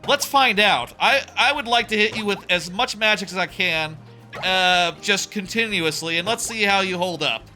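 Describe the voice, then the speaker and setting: Guy doing a giddy young wizard dude, high and bright, super eager. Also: normal speed, soft background music. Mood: gleeful. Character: excited young male spellcaster, gleeful.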